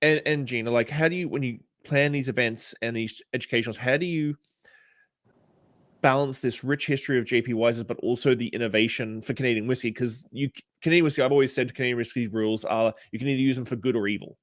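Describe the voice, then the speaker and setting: A podcast host with a medium-pitched voice and steady tone talks fast in a dry recording. He asks questions in a friendly, teasing casual chat and laughs easily.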